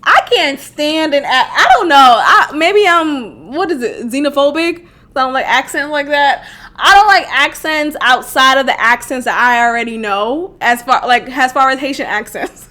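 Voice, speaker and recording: A young woman hosting her own podcast, talking in a high voice with a bright, sharp edge. She gives blunt, animated opinions in casual chat, breaking into laughing asides. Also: moderate pace. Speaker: podcast host. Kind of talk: casual reality-show commentary.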